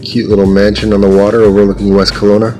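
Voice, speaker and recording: Low-voiced man vlogging over music. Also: fast talker, low-quality recording. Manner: relaxed and chatty, with fillers. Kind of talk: casual vlog narration. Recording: music playing behind the voice.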